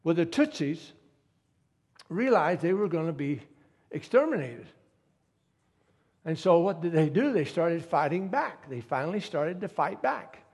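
A man's voice: on the high side, big pitch swings, a little slow, long pauses, a little mellow, slightly rough. A man preaching a sermon, telling stories and building to emphatic appeals to his listeners. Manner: storytelling, rising to emphatic appeals. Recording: long hall reverb.

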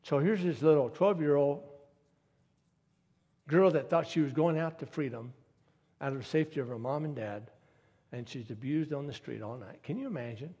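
A man's voice: a little high, moderate pace, pauses often, dark tone, husky. A man preaching a sermon, telling stories and building to emphatic appeals to his listeners. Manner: storytelling, rising to emphatic appeals. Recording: long hall reverb.

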